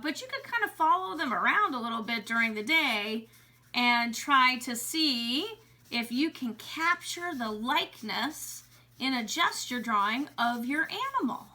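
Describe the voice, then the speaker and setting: A woman teaching a casual online drawing lesson from a home basement studio, talking in a chatty, upbeat way and sometimes softening to a gentle coo. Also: high voice. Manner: chatty and upbeat, drops to a soft coo when speaking to the animal. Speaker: art teacher.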